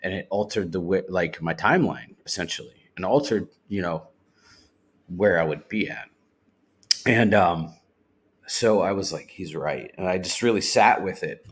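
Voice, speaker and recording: A man with a very low voice tells his recovery story on a podcast. He speaks bluntly, swears freely and acts out what others said to him. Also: normal speed. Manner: candid, swears freely, retells talk in quotes. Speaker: podcast guest. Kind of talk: personal recovery testimony.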